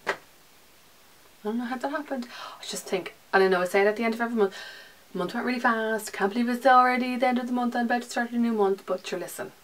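A woman's voice: on the high side, fast talker. Chatty young Irish woman vlogging. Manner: chatty and rambling, drops into breathy whispers for asides. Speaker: beauty vlogger. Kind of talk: casual monthly favourites chat. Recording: slightly distant mic with faint hiss.

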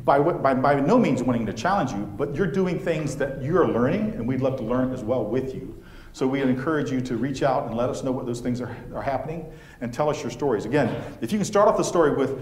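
A man giving a conference keynote, telling stories in a chatty, animated way with frequent fillers. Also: mid-range voice, brisk, slight background noise. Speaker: keynote speaker. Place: conference venue. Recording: echoey conference hall.

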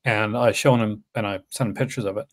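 A man hosting a casual livestream chat about films, talking in a halting way full of restarts. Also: on the low side, fairly even intonation. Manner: hesitant, full of fillers and restarts. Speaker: host.

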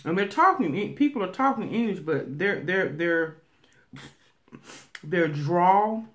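A woman with a Southern country drawl, telling a story casually as a vlogger while eating on camera, talking loudly and laughing loud. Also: on the low side, expressive, slow pace.

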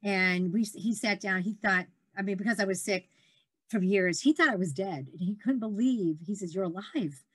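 A middle-aged woman telling stories in casual conversation, animated and laughing often, acting out the people she quotes. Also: mid-range voice, normal speed, husky, no echo. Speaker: guest entrepreneur.

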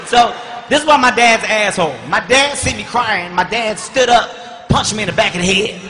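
A man performing a stand-up comedy routine, telling a story animatedly and often shouting, recorded live on stage. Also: high voice, normal speed, long reverb tail, a little hiss or hum. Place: comedy stage before large audience.

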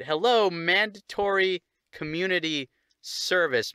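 A man's voice: on the high side, expressive, a little slow, bright, forceful tone, clear, resonant tone, no room sound. A young man ranting casually while walking his dog, swearing often and laughing at it. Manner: profane, mocking, laughs often. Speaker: vlogger. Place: outdoors on a dog walk.

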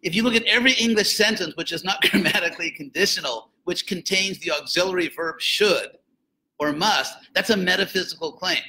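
An older man giving an informal, conversational lecture to students as a spiritual teacher, with joking asides and animated emphasis. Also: high voice, fairly quick, a little hiss or hum, rough recording.

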